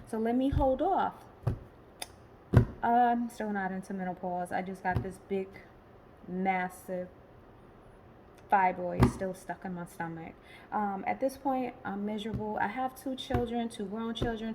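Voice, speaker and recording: A woman in her late forties talking in a personal vlog, tired and emotional, rambling and halting with many pauses and restarts. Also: mid-range voice, darkish tone, a little hiss or hum, poor audio. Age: late 40s. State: tired and emotional, has been crying. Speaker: vlogger.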